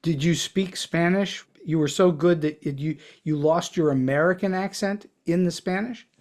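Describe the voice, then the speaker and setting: A man's voice: fairly high pitch, moderate pace, a little mellow. A man hosting an interview podcast, asking curious, thoughtful questions. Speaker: podcast host.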